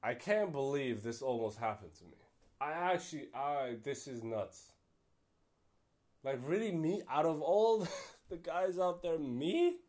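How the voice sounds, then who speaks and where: A man's voice: a little high, very animated, a little slow, darkish tone. A young man hosting a casual solo podcast, rambling and self-deprecating with many fillers. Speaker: podcast host.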